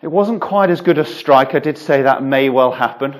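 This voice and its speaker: A man who is a golf coach, explaining and demonstrating a drill in a relaxed, chatty way with frequent fillers, in an indoor golf studio. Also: mid-range voice, moderate pace. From England. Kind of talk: instructional video lesson.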